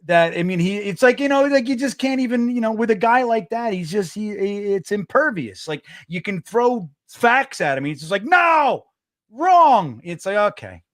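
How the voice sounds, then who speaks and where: Animated high-voiced New man. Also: normal speed, hardly any pauses, dry recording, clean studio sound. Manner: animated, swearing, acts out quotes in a raised voice. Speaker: co-host. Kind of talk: casual sports podcast chat.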